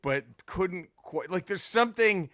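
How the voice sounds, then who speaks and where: A man co-hosting a casual comedy podcast, talking in a high voice that leaps up and down in pitch. His tone is bright and forceful, and he keeps breaking into laughter. The sound is dry and close. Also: a little slow, no room sound. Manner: animated, profane, laughs a lot, does mock impressions. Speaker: podcast co-host.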